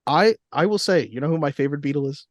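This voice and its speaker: Joking man co-host, fairly high voice. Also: expressive, fast talker, no room sound. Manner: dry jokey asides. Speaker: podcast co-host. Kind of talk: casual chat, reading facts.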